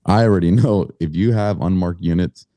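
A man's voice: low-pitched, normal speed, warm tone, no room sound. A middle-aged man telling his story as a podcast guest, blunt and indignant, swearing freely.

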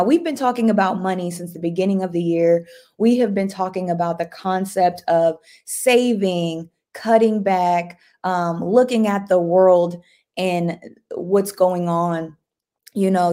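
Excitable woman hosting a livestream. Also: lowish voice. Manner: excitable, upbeat, restarts and repeats herself. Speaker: livestream host. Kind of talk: casual motivational livestream talk.

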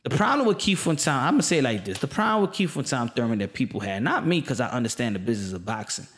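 Male commentator, mid pitch, heated opinion monologue, slangy and emphatic. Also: sing-song, fast talker, fairly bright tone. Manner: passionate, emphatic, repeats points, casual slang. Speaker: boxing commentator.

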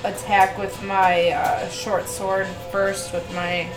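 A woman's voice: mid-range voice, little pitch movement. Woman player thinking aloud, echoey. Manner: deliberate, thinking aloud with ums. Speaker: tabletop game player. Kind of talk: casual chat. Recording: echoey room with music behind.

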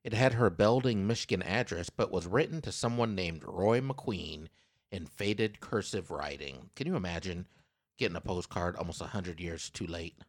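A man's voice: sits low, normal speed, no room sound, studio quality. A man co-hosting a casual podcast, reading out a news story in a playful, teasing way and raising his voice for quotes. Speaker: podcast co-host.

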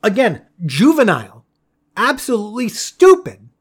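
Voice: mid-range voice, wildly swooping pitch, moderate pace, slightly rough. A podcast host from the United States giving a solo political commentary rant, indignant and heated, swearing and stumbling over restarts.

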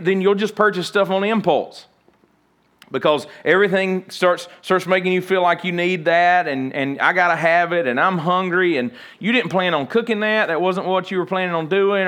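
A male pastor delivers a sermon in a loose, conversational way. He jokes with the congregation and acts out little everyday scenes as he goes. His voice sits a little high for a man. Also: fairly bright tone.

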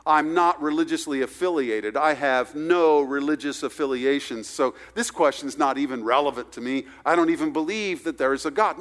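A man preaching a sermon, swinging between loud, stressed points and hushed, quiet asides. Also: a little high, normal speed, hardly any pauses. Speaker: pastor. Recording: reverberant hall recording.

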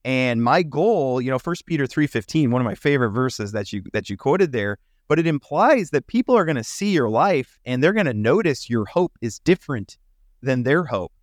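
An earnest man guests on a faith podcast and talks through personal stories in a relaxed, conversational way. His voice sits at a middle pitch, recorded close and dry, and he slips into quoted voices as he tells his stories. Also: normal speed, no echo. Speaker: entrepreneur guest.

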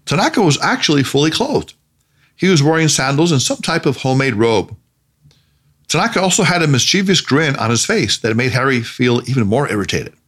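Expressive male storyteller. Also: mid-range voice. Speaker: narrator. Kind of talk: scripted storybook narration.

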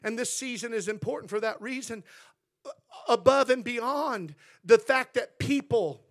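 A man with a very high voice preaches in church. He tells his sermon stories earnestly and with feeling, as a pastor speaking to his congregation. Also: measured pace.

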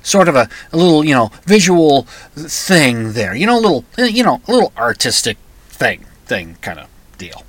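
Bright-voiced man telling a personal story. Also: fairly high pitch, sing-song, dry recording. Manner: halting, many restarts and fillers. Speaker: podcast host. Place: comic book store.

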